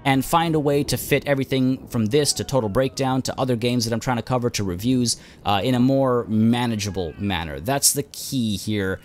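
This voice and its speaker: A man's voice: medium pitch, moderate pace, hardly any pauses, slight background noise. Man losing his voice while commentating. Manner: thinking aloud with frequent uhs and ums. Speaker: let's play host. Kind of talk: gameplay commentary.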